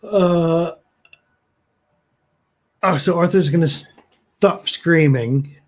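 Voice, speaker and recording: A man's voice: a little high, drawn-out words. A man playing a tabletop horror game, describing what his character does. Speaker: player.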